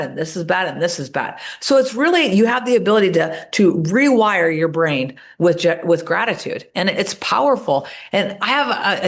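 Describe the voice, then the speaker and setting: A woman talking as a podcast guest, telling stories with energy and acting out the voices of the people she quotes. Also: medium pitch. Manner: animated storyteller, acts out quoted voices. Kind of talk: casual interview talk.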